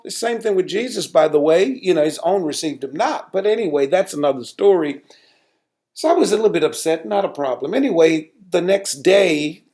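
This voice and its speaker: A middle-aged male pastor from the United States tells a personal story in a lively, animated podcast talk. His voice sits a little high for a man, and he repeats words and climbs sharply in pitch when he recalls his anger.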